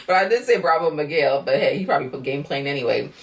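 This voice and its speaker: Woman vlogger, blunt and sassy, low-pitched, recorded slightly away from the mic. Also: far from the mic. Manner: blunt, sassy, swears freely, animated pitch swings. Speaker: reality TV recap vlogger. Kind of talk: casual recap commentary.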